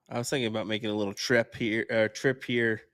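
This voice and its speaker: A man's voice: lowish voice, flat delivery, normal speed, a bit bright, dry recording. A man co-commentating a darts match live, talking in a laid-back, casual way with dry humor.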